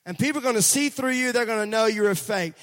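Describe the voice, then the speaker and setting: A middle-aged male pastor with a high, bright-pitched voice delivers a lively sermon and keeps drawing the congregation in to answer back. His words ring out through a church with a long reverb trailing after them. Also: fast. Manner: energetic, conversational, calls on the congregation to respond. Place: church sanctuary.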